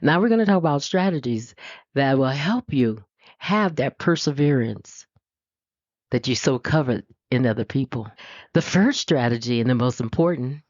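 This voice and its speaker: A middle-aged woman from the US West Coast preaching a conversational sermon, animated and laughing often, jumping into high voices when she quotes people. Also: normal speed, dry recording. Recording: dull, dry lo-fi recording.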